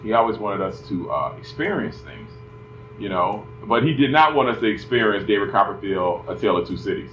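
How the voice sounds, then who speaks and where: Middle-aged man, lively storyteller who acts out voices, roomy sound. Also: fairly low pitch, fairly quick. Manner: animated, acts out voices, many "you know" fillers. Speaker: son telling family stories. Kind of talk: casual family storytelling. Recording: roomy, slightly dull, faint music behind.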